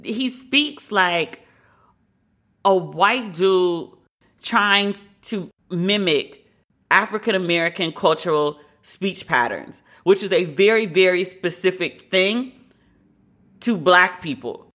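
A woman's voice: lowish voice, animated, slow, fairly bright tone. A woman hosting a podcast, giving her frank opinions in a casual, conversational way. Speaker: podcast host.

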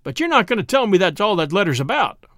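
A man's voice: sits high, big pitch swings, quick pace, fairly bright tone, dry recording. A sly old cobbler from a storybook with a lazy, drawling country dialect, as a male reader puts him on. The voice lifts and dips freely and is heard up close and dry.

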